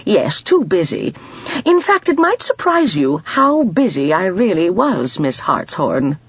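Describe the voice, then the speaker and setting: A woman voicing a gentle but firm, cheerful grandmotherly older woman. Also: mid-range voice, big pitch swings, a little slow, slightly rough, no echo, muffled recording, voice pushed up, exaggerated voice. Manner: gentle, firm, warmly amused.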